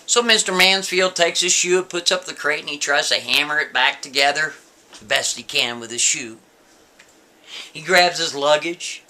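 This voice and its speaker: A man's voice: a little high, normal speed, pushed and bright. A man telling a story casually, talking straight to the listener and checking in with them often. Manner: conversational, asks listener "right?" and "see?".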